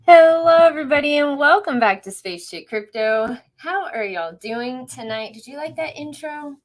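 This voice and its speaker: A woman hosts a casual livestream from home, chatting, greeting viewers by name, and laughing often. Her high-pitched voice has lively intonation, a moderate pace, and a fairly bright tone.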